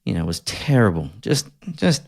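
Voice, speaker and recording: Aussie guy, low gravelly voice, keeps restarting his sentences, earnest. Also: sing-song. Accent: Australian. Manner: earnest, halting with many restarts. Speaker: podcast guest. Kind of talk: candid interview storytelling.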